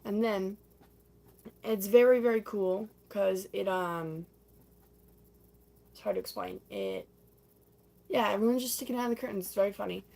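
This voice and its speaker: A woman's voice: medium pitch, animated, moderate pace, gravelly, long pauses, darkish tone. A young woman livestreaming, casually chatting and acting out scenes from a stage musical, breaking into sung snippets.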